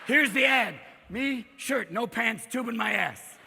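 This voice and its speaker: A man doing a stand-up comedy set, talking in a manic, rapid-fire way and jumping into shouted character voices in front of a live audience. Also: very high voice, expressive, creaky, noisy background. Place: large hall with a live audience. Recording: reverberant live hall, crowd faintly behind.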